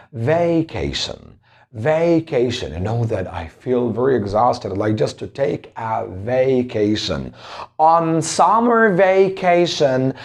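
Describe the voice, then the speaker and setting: A young man with an Arabic accent teaching English pronunciation, drilling words slowly and asking his viewers rhetorical questions. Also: mid-range voice, a little mellow. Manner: emphatic, drawn-out word drills and rhetorical questions. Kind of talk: spoken English lesson.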